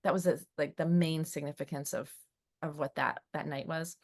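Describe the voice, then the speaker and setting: A middle-aged woman with a somewhat low voice talks in an emotional, hesitant way. She restarts her sentences often as she shares personal experiences in conversation. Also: steady tone, normal speed. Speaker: guest. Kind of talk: personal conversation and poem reading.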